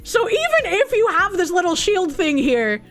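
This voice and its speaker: Boston girl streamer ranting, cussing a lot, high voice that swings all over, faint music behind. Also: wildly swooping pitch, moderate pace. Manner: blunt, profane and ranting. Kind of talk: casual livestream commentary.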